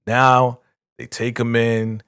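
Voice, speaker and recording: A young man, host of a reaction channel, retelling a TV episode in excited, slangy casual chat. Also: mid-range voice, slow pace, clear, resonant tone, no room sound, clean studio sound.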